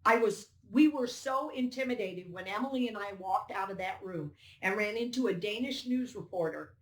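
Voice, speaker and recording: A woman's voice: mid-range voice, expressive, moderate pace. An older woman giving an emphatic, indignant interview account, acting out the dialogue as she tells it. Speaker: poll challenger recounting events. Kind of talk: interview testimony. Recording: roomy echo.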